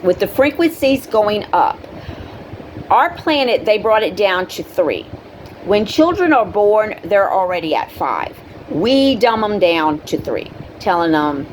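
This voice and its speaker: A woman's voice: very animated, a little slow, a little hiss or hum, poor audio. A middle-aged woman hosting a spiritual video, talking earnestly and conversationally with fillers and asides. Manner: acts out quoted people in a high voice. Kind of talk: casual spoken monologue to camera.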